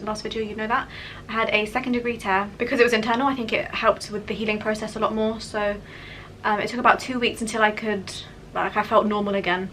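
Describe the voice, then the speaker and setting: A woman's voice: medium pitch, fairly bright tone, a little hiss or hum, low-quality recording. A young woman telling a personal story in a candid, chatty vlog, with many "like" fillers. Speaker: vlogger.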